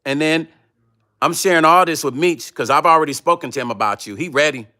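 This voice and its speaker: On his own livestream, a man with a fairly high, bright, forceful voice and a fairly quick pace rants profanely and confrontationally at a rival. As the vlog host, he reads live chat comments aloud during the heated tirade.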